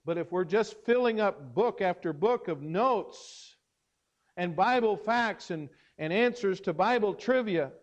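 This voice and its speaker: A man preaching a sermon as pastor, earnest and emphatic, pausing and restarting as he speaks. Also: sits high, expressive, dull audio.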